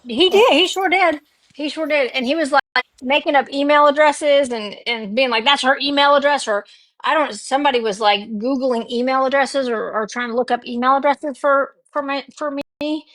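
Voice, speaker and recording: A woman's voice: high-pitched, moderate pace, a bit bright, no room sound, rough recording. A woman on a livestream, ranting in a heated, profane way. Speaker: livestream guest. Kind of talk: casual chat.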